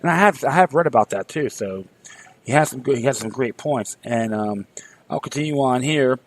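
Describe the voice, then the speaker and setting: A man's voice: mid-range voice, animated, normal speed, low-quality recording. Fiery, sarcastic man hosting political talk. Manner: sarcastic, fiery, rallying listeners; rambling, repeats words when starting sentences. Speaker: show host. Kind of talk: political commentary talk show.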